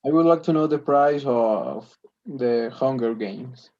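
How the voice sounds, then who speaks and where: A man practices polite requests in an English lesson, restarting and searching for words as he goes. His voice is mellow and relaxed. The audio is dull and lo-fi. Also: mid-range voice, takes it slowly, a little hiss or hum. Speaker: English student.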